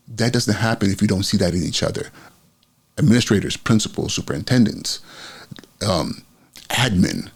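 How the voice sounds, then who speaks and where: A man's voice: on the low side, vocal fry, slightly rough. A middle-aged man, a school principal hosting his own podcast, talking casually with many fillers and restarts. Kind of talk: casual solo podcast talk.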